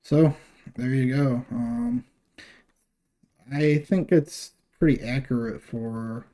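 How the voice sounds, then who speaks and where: A man's voice: mid-range voice, lively intonation, takes it slowly, dark tone. A man hosting his own channel, talking through a screen share in a loose, rambling way with many fillers and restarts. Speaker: channel host. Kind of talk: casual screen-share walkthrough.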